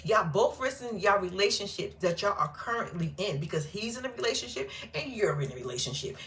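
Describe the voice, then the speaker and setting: A woman's voice: medium pitch, animated, fairly quick, a bit bright, a little hiss or hum. A woman hosting a casual reality TV recap, talking bluntly and animatedly, with plenty of cursing and laughter. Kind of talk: casual reaction commentary.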